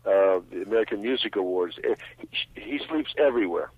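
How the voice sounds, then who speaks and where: A man's voice: fairly low pitch, lively intonation, a little fast, breathy edge, no room sound. A man calling in as a radio interview guest, rambling through anecdotes. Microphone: telephone. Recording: tinny dry phone line.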